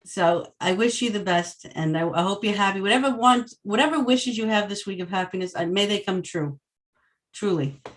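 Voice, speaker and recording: A woman's voice: mid-range voice, lively intonation, moderate pace. A woman leading an online discussion group, offering friendly encouragement. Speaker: group leader. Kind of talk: casual group chat.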